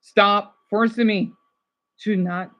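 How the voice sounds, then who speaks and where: A man's voice: high voice, steady tone, fairly bright tone, muffled recording. A man livestreaming in a casual, rambling way, upset and burnt out, apologizing often between outbursts. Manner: agitated, rambling, quick to apologize.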